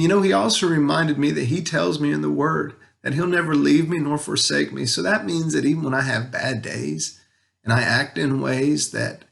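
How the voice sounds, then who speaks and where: A man sharing a heartfelt personal story about his son and his faith, talking earnestly with pauses and restarts, at times emotional. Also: fairly high pitch, vocal fry. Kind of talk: personal spiritual reflection to camera.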